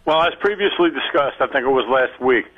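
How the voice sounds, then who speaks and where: A man co-hosting a talk radio show, explaining his points in a measured way. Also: medium pitch, animated, slightly rough, narrow, tinny audio. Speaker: radio co-host.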